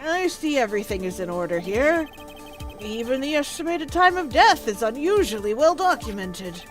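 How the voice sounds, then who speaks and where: A woman's voice: high-pitched, very animated, faint music behind. A woman doing a formal male judge. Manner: formal, measured. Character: stern male courtroom judge. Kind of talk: video game voice-acting.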